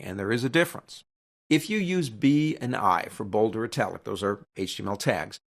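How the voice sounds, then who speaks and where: Male instructor with a gravelly edge; relaxed, chatty walkthrough with the odd wry rant. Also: medium pitch. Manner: casual, chatty, with joking opinionated asides. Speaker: teacher. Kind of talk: software tutorial walkthrough.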